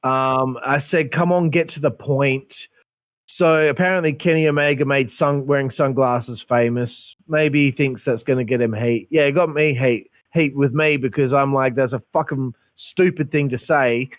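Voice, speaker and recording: A man's voice: mid-range voice, steady tone, normal speed, no echo, studio quality. A man ranting in a casual podcast chat, swearing constantly and sounding exasperated. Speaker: podcast host. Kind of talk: heated casual rant.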